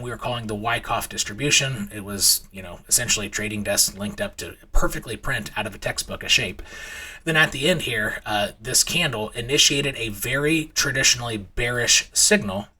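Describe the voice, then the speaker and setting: A man's voice: bright, forceful tone, slightly rough. A man in his thirties, host of a trading channel, telling stories and then talking through charts in a rambling way full of fillers and restarts. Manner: acts out his kids' voices in high squeals. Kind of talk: casual storytelling and chart commentary.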